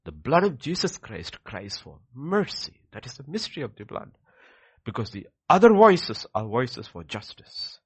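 A man preaching a sermon with emphatic rhetorical questions, swinging between loud declarations and hushed asides. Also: mid-range voice, sing-song, moderate pace, slightly rough, no room sound.

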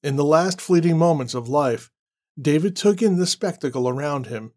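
A man narrating a horror story in a measured, dramatic way. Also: a little high, lively intonation, a little mellow.

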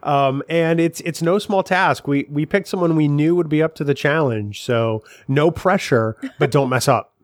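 A man with a fairly high voice co-hosts a casual podcast, trading jokes and teasing banter. The sound is dry and close, with no room in it. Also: moderate pace, few pauses, no echo. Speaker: podcast co-host.

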